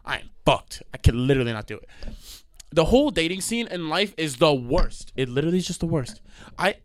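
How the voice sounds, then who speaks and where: A young man holds forth alone on his podcast, ranting with exasperated energy and frequent swearing. His voice sits a bit higher than most men's, and the recording is close and dry with no room sound. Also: brisk, no echo. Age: young adult. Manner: animated, profane, exasperated ranting. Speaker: podcast host. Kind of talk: solo podcast rant.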